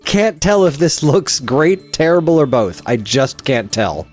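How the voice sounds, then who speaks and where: A man in casual podcast chat, thinking out loud as he argues his point. His slightly raised voice rises and falls in a very animated way, and he often hedges. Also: on the high side, a little slow, faint music behind. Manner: musing, argumentative, unsure. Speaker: podcast co-host.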